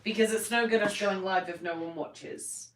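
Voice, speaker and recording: British woman, bright voice, echoey room. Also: medium pitch, fairly even intonation, moderate pace, distant mic. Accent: British English. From England. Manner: chatty, teasing. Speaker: co-host. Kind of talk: casual live-stream chat.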